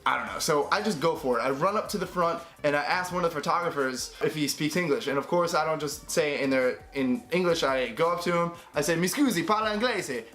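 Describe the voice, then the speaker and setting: A young man vlogging, telling a travel story in a lively way and acting out the people he quotes. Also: fairly high pitch. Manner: animated, acts out quoted voices. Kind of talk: storytelling to camera.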